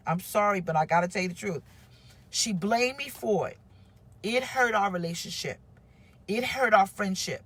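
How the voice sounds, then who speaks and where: A woman's voice: medium pitch, moderate pace, pauses often, slightly rough. A woman pastor, telling her own story with feeling to a live-stream audience. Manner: emotional, animated storytelling with acted quotes.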